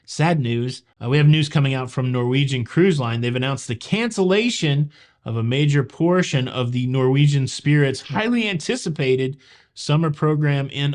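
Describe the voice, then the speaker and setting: Wisecracking Southern man hosting news. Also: fairly high pitch. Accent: Southern American. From American South. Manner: joking, wisecracking, talks to viewers. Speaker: cruise news show host. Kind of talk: casual news commentary.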